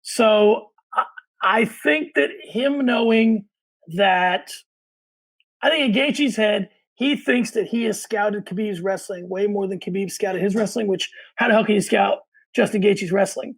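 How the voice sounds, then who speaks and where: High, gravelly man co-hosting a sports podcast. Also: a little slow, rough recording. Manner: opinionated, runs the segments. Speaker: podcast co-host. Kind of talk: casual sports chat.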